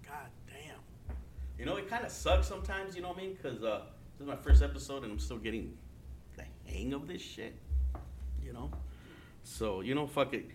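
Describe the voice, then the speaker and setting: A man's voice: mid-range voice, lively intonation, normal speed, long pauses, noisy background. A man from Arizona hosting his own podcast in casual solo talk, rambling, heavily profane and joking at himself, with Spanish slang dropped in. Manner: loose, joking and laughing at himself. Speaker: podcast host.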